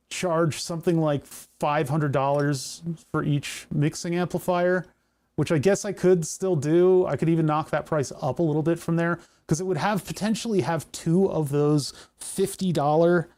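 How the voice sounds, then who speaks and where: Male streamer, a touch high-pitched; loose, jokey think-aloud patter over hobby electronics work. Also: steady tone, measured pace, a little mellow. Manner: rambling, jokey, thinks aloud through technical steps. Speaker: live streamer building electronics. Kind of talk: casual live-stream chat while working.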